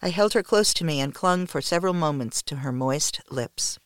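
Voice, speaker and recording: An audiobook narrator reads a first-person novel in a measured, expressive manner, letting the voice drop low at the end of sentences. The recording has no echo.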